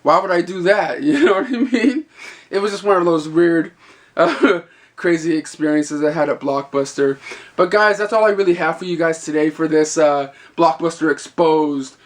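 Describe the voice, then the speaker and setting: A man's voice: fairly high pitch, normal speed. Rambling, foul-mouthed young guy telling stories. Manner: rambling, profane, laughing asides. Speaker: vlogger. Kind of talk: casual storytelling vlog.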